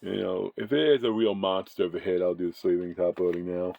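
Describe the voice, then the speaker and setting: Low-voiced man rambling through a card break. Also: little pitch movement, fast, gravelly, no room sound, phone-quality sound. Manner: rambling, self-correcting, chatty. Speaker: card-breaking channel host. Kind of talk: casual chat while opening card packs.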